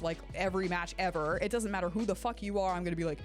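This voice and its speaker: A woman's voice: medium pitch, quick pace, soft background music. A woman hosting a casual film review, ranting sarcastically and swearing often.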